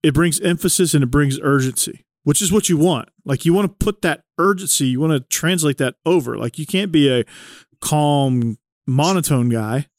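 A man's voice: fairly high pitch, normal speed, a little mellow, no room sound, studio quality. A man hosting a casual chat, explaining things at length with many fillers.

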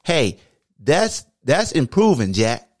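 A man's voice: fairly high pitch, sing-song, takes it slowly, darkish tone, no room sound, studio quality. A man co-hosting a podcast, teasing and boasting in casual trash-talking chat. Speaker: podcast co-host.

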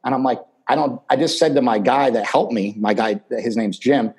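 A middle-aged man with a husky, breathy voice talks as a podcast guest. He tells his story casually, circling back with fillers and restarts. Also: medium pitch, normal speed, darkish tone, poor audio. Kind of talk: casual conversation.

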